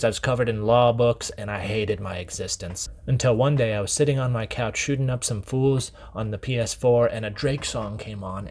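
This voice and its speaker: A man's voice: mid-range voice, darkish tone. A man in his twenties delivering a comic monologue as a vlogger, playful, jokey and mock-serious.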